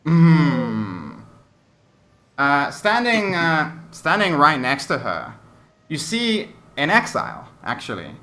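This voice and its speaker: Casting note: male game master, bright forceful voice, descriptive, lots of "like" and "uh". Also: a little high, very animated, a little slow. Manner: descriptive, hesitant with many fillers. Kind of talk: narrating a tabletop game.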